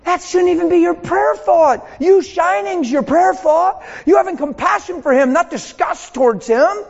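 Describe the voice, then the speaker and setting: High-voiced fervent male preacher. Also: normal speed, creaky, few pauses. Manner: fervent, shouting at times, acts out voices. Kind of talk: sermon. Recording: dull lo-fi recording.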